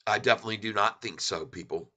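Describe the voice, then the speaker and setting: A middle-aged man giving excited, folksy commentary on a stock chart, repeating himself for emphasis and calling his viewers folks. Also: on the low side, fast talker.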